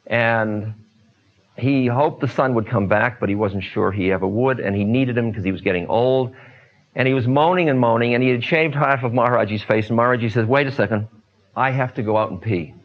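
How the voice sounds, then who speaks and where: A man telling spiritual stories to listeners in an unhurried talk, pausing often with fillers. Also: mid-range voice. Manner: unhurried, many pauses and fillers. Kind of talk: storytelling talk. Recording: dull lo-fi recording.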